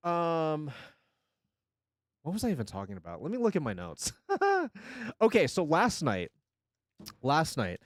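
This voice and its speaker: A man in his forties with a mid-range voice streams casually, recorded with no room sound. He rambles and jokes with his chat, reacting to it and swearing freely.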